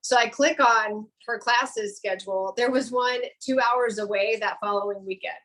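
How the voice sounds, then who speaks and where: A woman co-hosting a casual podcast, talking in long, relaxed, rambling runs. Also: fairly high pitch, normal speed, rough recording. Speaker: podcast co-host, Reiki practitioner. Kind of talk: casual chat.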